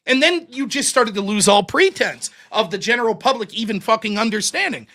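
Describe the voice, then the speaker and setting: A man hosting a livestream, telling stories in an animated, profane way. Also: sits high, fast talker, few pauses. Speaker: livestream host. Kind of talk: casual livestream commentary.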